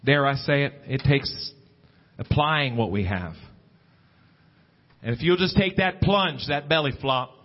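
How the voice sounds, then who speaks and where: A man preaching a sermon at a church service, talking conversationally and climbing in pitch when he stresses a point. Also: animated, measured pace. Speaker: pastor. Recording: dull lo-fi church recording with faint guitar.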